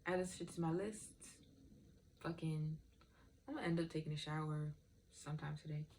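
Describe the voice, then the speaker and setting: Low-voiced woman rambling to camera. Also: steady tone, normal speed, darkish tone, a little hiss or hum. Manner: candid, rambling, swears freely. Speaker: vlogger. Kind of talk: casual chat to camera.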